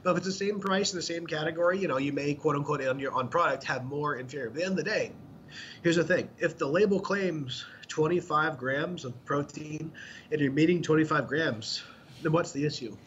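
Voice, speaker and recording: A man's voice: a little high, brisk, a bit bright. A man co-hosting a podcast in casual chat, explaining bluntly with lots of profanity. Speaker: podcast co-host. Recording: dull lo-fi sound with faint noise.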